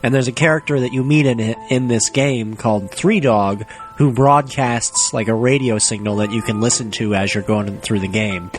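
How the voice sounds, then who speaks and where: A man's voice: mid-range voice, steady tone, moderate pace, faint music behind. A man co-hosting a casual podcast who explains things plainly for listeners and reacts with disbelief. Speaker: podcast co-host.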